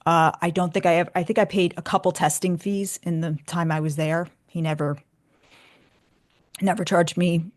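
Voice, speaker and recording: A woman's voice: fairly low pitch, normal speed. A woman author, a guest on a radio show, telling a personal story casually and acting out the dialogue as she goes. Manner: animated, acts out dialogue. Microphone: studio microphone.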